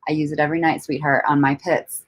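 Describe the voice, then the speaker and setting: Low-voiced woman hosting a laid-back livestream. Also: level tone, fast. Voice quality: laughs often, swears freely, rambling restarts. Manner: greets and answers viewers from the chat. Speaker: livestream host. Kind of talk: casual livestream chat. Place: at home.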